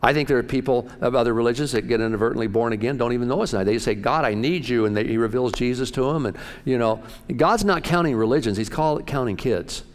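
A middle-aged man preaching a sermon as pastor, folksy and excitable, often jumping up in pitch and loudness. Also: quick pace, few pauses, big-room sound.

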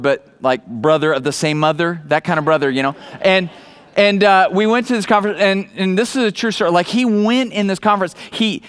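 High-voiced preaching man, earnest and rising. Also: clear, resonant tone. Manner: earnest storytelling, rising to loud excited preaching. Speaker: pastor. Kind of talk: sermon.

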